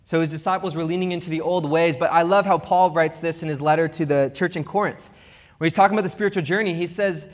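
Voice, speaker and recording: A young man preaching a sermon as pastor, with animated, humorous storytelling. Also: a little high, fast. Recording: long reverb of a big hall.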